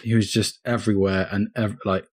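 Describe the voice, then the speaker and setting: A man's voice: fairly low pitch, little pitch movement, fairly quick, darkish tone. A man co-hosting a casual gaming podcast, dropping dry, jokey asides. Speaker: podcast co-host.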